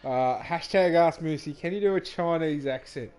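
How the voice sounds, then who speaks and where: A man's voice: on the high side, moderate pace, a little mellow, smooth. A man co-hosting a stream, joking and laughing often, mocking himself. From Australia. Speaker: stream co-host. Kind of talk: casual chat over racing commentary.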